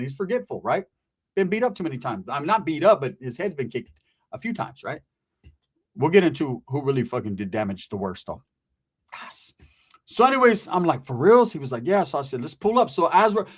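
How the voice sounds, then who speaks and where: A man's voice: a little high, slightly rough. A man from California telling a crude, rambling story full of slang and asides. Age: adult. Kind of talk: casual comic storytelling.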